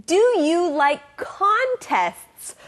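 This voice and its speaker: A woman's voice: very high-pitched, wildly swooping pitch, extremely slow, fairly bright tone. A woman hosting a children's English lesson show, with a bubbly teacher's delivery. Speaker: host.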